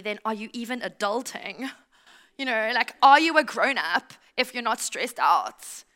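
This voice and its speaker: A woman giving a lively, conversational sermon in church, acting out little quotes as she tells stories. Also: on the high side. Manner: animated storytelling with acted-out quotes. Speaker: pastor.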